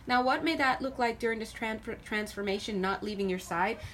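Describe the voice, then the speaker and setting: A woman's voice: a little high, brisk, a little hiss or hum. Chatty woman giving a tarot reading. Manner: chatty, animated, laughs often, swears then apologizes. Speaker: tarot reader. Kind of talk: casual spiritual tarot reading to camera.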